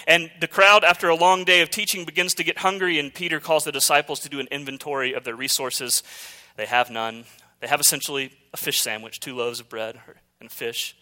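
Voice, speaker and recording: A male pastor preaches a sermon in an animated storytelling manner. His voice sits fairly high for a man and sounds sharply bright and forceful. He drops into quiet asides now and then.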